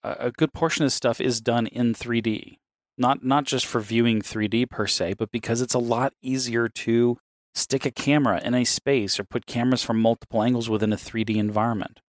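A man's voice: medium pitch, steady tone, fairly quick, no room sound, clean studio sound. A man co-hosting a casual chat, rambling and swearing freely, often laughing between points.

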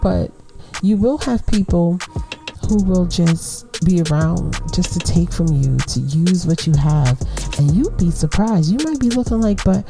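A woman's voice: lowish voice, animated, unhurried, music in the background. A middle-aged woman hosting a podcast, giving casual, slangy advice and laughing often as she talks. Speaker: podcast host.

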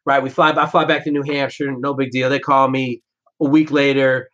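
A man's voice: medium pitch, moderate pace. A man, a former Navy SEAL guest, telling profane, brash stories in casual conversation. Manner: profane, brash, animated storytelling. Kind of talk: casual storytelling. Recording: dull lo-fi podcast audio.

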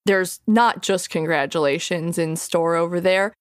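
A woman's voice: on the low side, unhurried, no echo, studio quality. A young woman co-hosting a podcast in casual chat, teasing and swearing freely. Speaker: podcast co-host.

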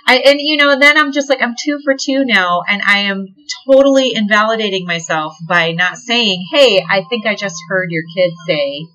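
A woman guest on a podcast, a delivery nurse telling stories in casual chat, animated and laughing often, with casual swearing. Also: medium pitch, moderate pace, hardly any pauses, rough recording.

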